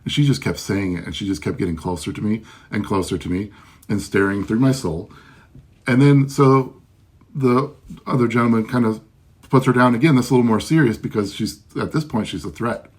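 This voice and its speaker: A man's voice: fairly low pitch, brisk. A man who runs a loss prevention business, casually telling a story about his work with frequent ums and restarts. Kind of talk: casual first-person storytelling.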